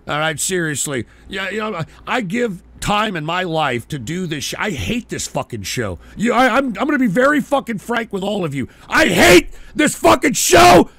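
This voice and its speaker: A man hosting a live call-in show, profane and irritable, often breaking into shouted rants. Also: high voice.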